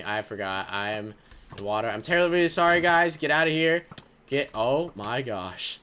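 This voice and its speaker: Excitable young-sounding gaming host man. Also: mid-range voice, moderate pace. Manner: excitable, exasperated, says "like" and "oh my gosh" often. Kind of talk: let's play commentary.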